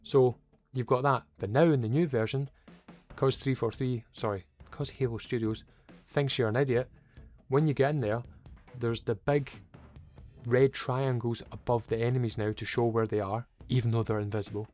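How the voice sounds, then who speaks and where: A man's voice: mid-range voice, steady tone, moderate pace, darkish tone, faint music behind. A young man giving a casual, rambling, opinionated video game review and swearing now and then.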